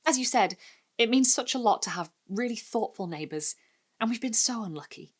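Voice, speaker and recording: A woman's voice: a little high, lively intonation, moderate pace, voice pushed up. A woman voicing an anxious, proud woman who has just moved in next door, speaking earnestly with a slight unease.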